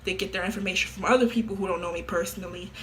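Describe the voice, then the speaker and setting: A woman's voice: fairly low pitch, rapid-fire, slight background noise. A woman talking casually to camera in an offhand, slangy and repetitive way. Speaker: vlogger.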